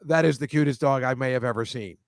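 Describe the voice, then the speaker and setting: A man hosting a loose comedy chat, his voice sitting at an everyday middle pitch. He rambles and backtracks, stumbling over names and restarting sentences. The sound is dry and close, with no room echo. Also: quick pace, creaky. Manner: rambling, self-correcting, chatty. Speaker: host. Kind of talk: casual video-call chat.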